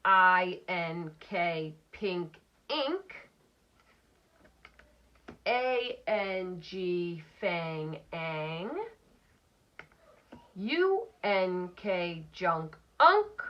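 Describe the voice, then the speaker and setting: A woman teacher giving a recorded phonics lesson for children, slowly sounding out letters and words. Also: fairly low pitch, expressive, lo-fi sound.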